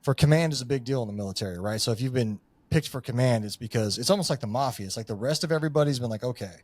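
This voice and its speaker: A man's voice: mid-range voice, very fast, a little mellow, no echo. Rambling, profane man with a dry sound. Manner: rambling, profane, full of fillers. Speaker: podcast guest, former Marine Raider. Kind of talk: casual podcast conversation.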